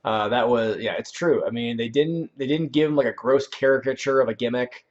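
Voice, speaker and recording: A man hosting a casual livestream, chatting while he plays a video game. He rambles and corrects himself, and breaks into sudden loud outbursts at the game. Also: medium pitch, fairly quick, highs cut off. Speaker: channel host.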